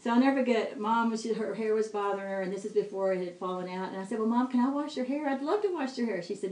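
A woman's voice: mid-range voice, quick pace. Woman, 50s, devotional storyteller, mid-range voice, roomy sound. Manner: storytelling, animated quoted dialogue, laughing asides. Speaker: speaker sharing testimony. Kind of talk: devotional talk. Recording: echoey room with faint ambience.

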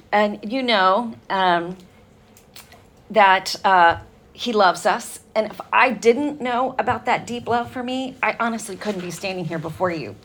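A woman's voice: mid-range voice, a bit bright. Earnest woman preaching a sermon. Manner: earnest storytelling, conversational with fillers. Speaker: women's ministry speaker. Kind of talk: sermon-style talk.

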